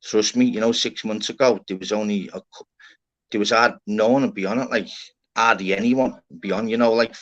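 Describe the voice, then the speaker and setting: A man's voice: on the low side, steady tone, a little fast. A man chatting casually on a live stream panel, rambling and swearing, full of "innit" and "lad". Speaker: livestream host. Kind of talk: casual chat. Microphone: live stream panel, online call. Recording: muffled lo-fi stream audio.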